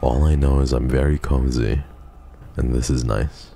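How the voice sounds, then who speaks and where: A man with an extremely deep, gravelly voice streams a game live. His tone is dark and mellow, and he talks casually to chat, swearing freely and cracking jokes. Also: steady tone, moderate pace, a little hiss or hum.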